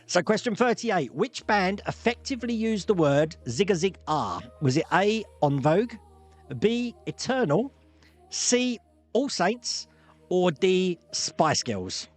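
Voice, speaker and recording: A man hosting a live-streamed pub quiz, jokey and quick to laugh as he reads out multiple-choice options. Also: high-pitched, big pitch swings, soft background music. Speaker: quiz host.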